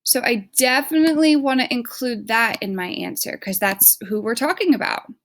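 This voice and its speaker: A woman teacher reading a children's book aloud and explaining a reading question slowly and patiently. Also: a little high, fairly bright tone. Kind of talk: reading aloud and classroom instruction.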